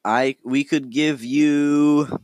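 A man's voice: on the high side, fairly even intonation, extremely slow, darkish tone, dry recording, voice pushed up. A man voicing a nervous townsman who stammers and rambles while begging for help. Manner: stammering, panicky.

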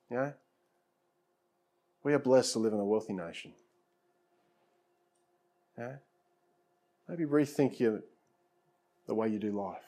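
A man's voice: on the low side, dark tone. A man preaching a conversational sermon as pastor, often saying "you know" and repeating words, then leading a prayer.

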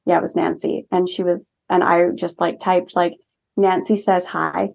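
A woman's voice: fairly low pitch, completely flat delivery, moderate pace, gravelly, a little mellow. A young woman telling a personal story as a podcast guest, chatty and earnest, with lots of "like" fillers. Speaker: guest, holistic healing practitioner. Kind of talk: casual storytelling in a podcast interview.

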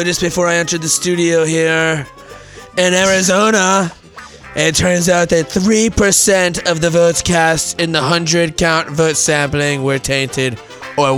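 A man doing an impression of a blustering older male politician, reading out posts slowly and with repetitive emphasis. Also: on the high side, fairly bright tone. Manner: slow, emphatic, repetitive boasting.

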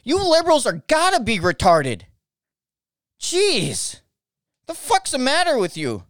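An American man rants on his podcast, swearing hard and tripping over his own words as he goes. His voice is smooth and resonant, recorded dry and close with no room sound. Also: very high-pitched, wildly swooping pitch, a little slow, a bit bright, no echo. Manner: angry, profane, repeats himself. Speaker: podcast host. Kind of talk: ranting political podcast monologue.

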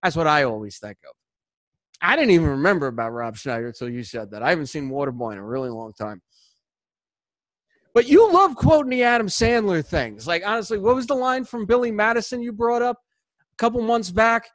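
A man hosting a sports podcast, chatting casually in an animated, rambling way full of restarts. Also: high voice, brisk, dry recording. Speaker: podcast host.

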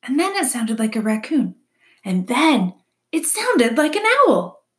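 A woman voicing an excitable, screeching male owl in a read-aloud storybook, high and alarmed. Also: measured pace. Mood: puzzled.

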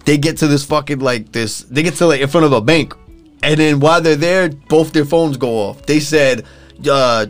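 A man's voice: on the high side, moderate pace, faint music behind. A young man casually retelling a TV episode to friends, swearing freely and filling his talk with "like" and restarts. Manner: loose, profane storytelling full of fillers. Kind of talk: casual chat.

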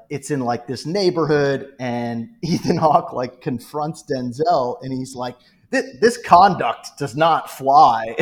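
Chatty man ranking favorite films. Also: mid-range voice. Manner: animated, joking, retells film scenes. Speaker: podcast guest. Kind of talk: casual movie podcast chat.

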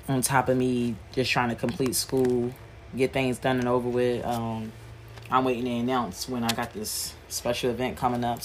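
On her own podcast, a woman talks in a loose, candid, slangy way, often restarting, and her voice turns low and soft around the topic of grief. Slight background noise is audible.

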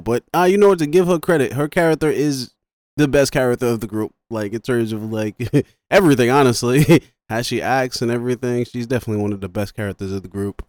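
A man's voice: mid-range voice, fast talker, darkish tone, dry recording, clean studio sound. A man co-hosting a movie podcast, chatting casually in slang and laughing often. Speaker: podcast co-host. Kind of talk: casual movie recap chat.

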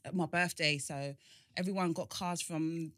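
A woman's voice: fairly low pitch, fairly even intonation, normal speed, fairly bright tone, no room sound, studio quality. A woman, frankly telling a personal story and reassuring a friend in a casual chat. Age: 30s.

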